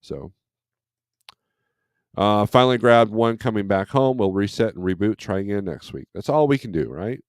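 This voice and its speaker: A man's voice: fairly low pitch, expressive, moderate pace, no echo, clean studio sound. A man hosting a casual morning livestream from home, rambling along and reading viewer comments aloud. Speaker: livestream host, trucker. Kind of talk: casual chat. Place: at home, not in a truck.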